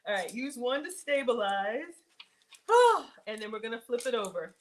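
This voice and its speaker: Woman cooking on a livestream, kinda high voice, says y'all a lot, keeps telling herself to focus. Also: very animated, moderate pace, poor audio. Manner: chatty, talks to viewers as y'all. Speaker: cooking show host.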